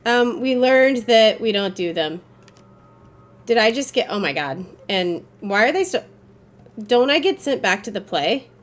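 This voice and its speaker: A young woman livestreaming a game, talking in a loose, casual way to her chat. She swears freely and mutters her thoughts as she plays. When things go wrong she jumps into loud, exasperated outbursts before settling back down. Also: a little high, very animated, measured pace. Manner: casual and chatty, swears, flares up loudly when frustrated. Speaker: streamer. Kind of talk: live gameplay commentary.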